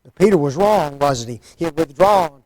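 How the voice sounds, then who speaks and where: Male preacher with a high-pitched voice, chatty and folksy, asks the congregation rhetorical questions, dry close sound. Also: expressive, moderate pace, a little mellow, no room sound, low-quality recording. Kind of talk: sermon.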